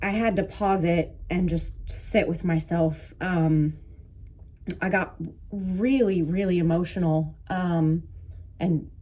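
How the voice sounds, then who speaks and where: A woman giving a halting, emotional personal monologue, with many restarts and fillers, as if close to tears. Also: fairly low pitch, steady tone, mellow. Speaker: vlogger, coaching.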